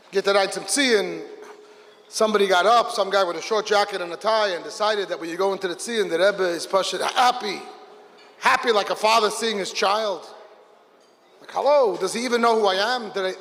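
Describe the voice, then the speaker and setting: A man, a rabbi, telling a story at a Hasidic gathering, lively and acting out the people in it. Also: sits high. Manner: animated, voices characters in the story. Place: large hall with a gathered audience. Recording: long hall reverb.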